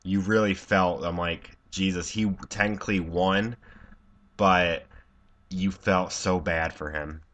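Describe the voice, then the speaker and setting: A man's voice: low voice, steady tone, slow, fairly bright tone, highs cut off. A man in casual chat about a film, laid-back, swearing and chuckling. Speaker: movie discussion co-host.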